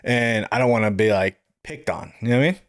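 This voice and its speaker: Lively low-voiced man telling a story. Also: quick pace, dry recording, clean studio sound. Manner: animated, laughs while telling stories, acts out quotes. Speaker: podcast co-host. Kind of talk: casual storytelling chat.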